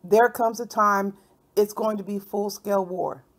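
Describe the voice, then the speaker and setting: A woman's voice: mid-range voice, fairly even intonation, unhurried. A woman hosting her own channel, talking over clips in a combative, mocking commentary. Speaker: channel host.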